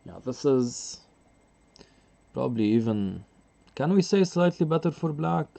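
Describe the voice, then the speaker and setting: A man's voice: mid-range voice, lively intonation, measured pace, creaky, dark tone. A man commentating a chess match as he streams, thinking aloud and questioning himself as he weighs the moves. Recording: dull lo-fi stream audio.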